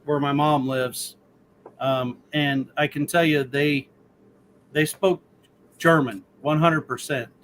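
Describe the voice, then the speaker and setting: A man's voice: on the high side, steady tone, slow pace, a bit bright, a little hiss or hum, rough recording. A man in a casual group chat, rambling with many fillers.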